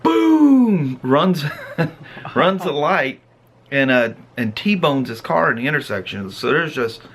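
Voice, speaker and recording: A man's voice: mid-range voice, unhurried, a little hiss or hum. A middle-aged man hosting a family vlog, casually telling a story and acting out its moments with laughs. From Pacific Northwest of the US. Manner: animated, laughs and acts out the story. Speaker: vlog host.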